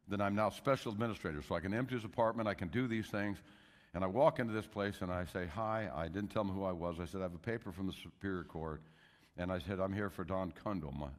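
An older man preaching a sermon, telling a story with loud emphasis and hushed asides. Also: fairly low pitch. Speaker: pastor. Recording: long hall reverb.

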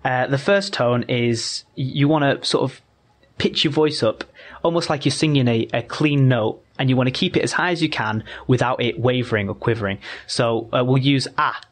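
Male podcast guest, mid-pitched, patient explainer, casual chat. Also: normal speed. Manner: patient, explains step by step with many restarts.

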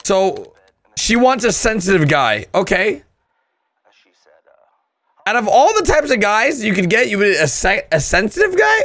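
A man hosting a casual reaction commentary in an excitable way, often bursting into loud laughter and gasps. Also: high voice, measured pace, pauses often. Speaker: host.

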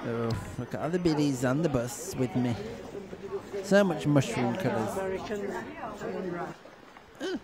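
A man's voice: mid-range voice, expressive, takes it slowly, pauses often. A man vlogging a holiday with cheeky, teasing commentary, outdoors in a busy tourist town. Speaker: travel vlogger. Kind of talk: casual handheld travel commentary. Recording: busy crowd noise around.

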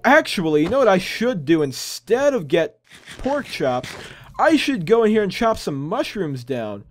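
A young man hosting a gaming channel, chatting casually and rambling with upbeat, self-amused asides while he plays. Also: sits high. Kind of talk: casual gameplay commentary.

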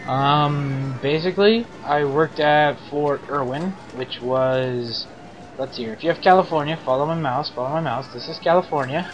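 A man's voice: on the high side, normal speed, highs cut off, soft background music, natural voice. A man putting on the voice of a cheerful foreign reporter who speaks broken English, during game commentary. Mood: boastful.

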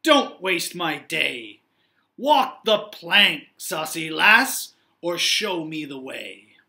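A man voicing a gruff, bossy male pirate captain who growls slow, loud threats in a storybook read-aloud. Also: on the high side, very animated, exaggerated voice. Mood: gruff, menacing.

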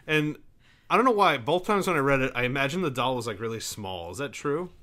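A man's voice: mid-range voice, expressive, a little fast, pushed and bright. A man co-hosting a podcast in casual chat, sarcastic and swearing freely. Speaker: podcast co-host.

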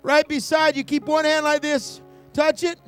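A man preaching a charismatic sermon at a church conference, shouting, repeating phrases and speaking in tongues. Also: extremely high pitch, completely flat delivery, normal speed, faint music behind. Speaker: evangelist.

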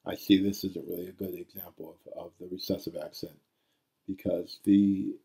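A man's voice: sits low, flat delivery, moderate pace, creaky, dark tone. A man teaching Greek grammar in a recorded lecture, reciting forms aloud.

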